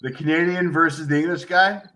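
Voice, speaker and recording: A man's voice: fairly high pitch, brisk, bright, forceful tone. A man co-hosting a casual fight-picks chat, teasing his partner with short remarks. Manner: teasing, brief interjections. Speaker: podcast co-host.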